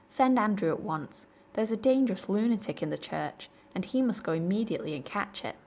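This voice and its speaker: A woman's voice: medium pitch, lively intonation, a little fast, gravelly, darkish tone. A woman voicing an anxious, genteel vicar's wife in a storybook reading. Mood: alarmed. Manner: pleading and alarmed.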